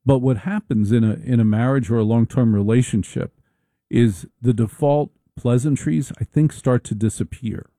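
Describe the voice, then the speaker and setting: A middle-aged man hosting a casual, humorous monologue, with a wry, deliberate, drawn-out delivery. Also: mid-range voice, mellow, no echo.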